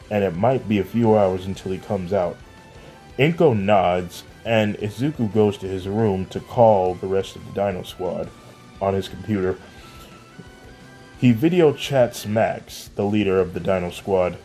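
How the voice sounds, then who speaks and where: Mellow low-voiced male storyteller. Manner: plain, steady, with slips. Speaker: narrator. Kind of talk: amateur fan-fiction storytelling.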